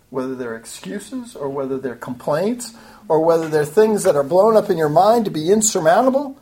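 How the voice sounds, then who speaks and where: A woman's voice: fairly low pitch, animated, normal speed, a little mellow. A woman giving an earnest, explanatory Bible study lecture, walking through a passage verse by verse and building to emphatic urging. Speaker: Bible teacher.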